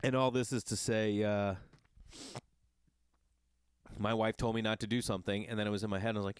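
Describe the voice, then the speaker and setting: A man who is a father, hosting a podcast and telling a long casual story in an animated, exasperated and profane way. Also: on the low side, brisk, pauses often, clear, resonant tone, dry recording. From Los Angeles area. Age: adult with children. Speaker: podcast host.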